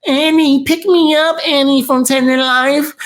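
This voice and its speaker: A man's voice: steady tone, a little slow, a bit bright. A man putting on a whiny, crying voice to mock a rival as a sobbing grown man. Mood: mocking whine. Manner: wailing, sobbing, shrill.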